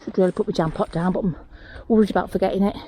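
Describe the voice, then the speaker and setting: A woman's voice: medium pitch, very fast, a little hiss or hum. Chatty woman. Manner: chatty, excitable over small finds, talks to herself and the viewer. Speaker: mudlarking vlogger. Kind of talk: casual running commentary while searching. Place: outdoors on a hillside rubbish tip.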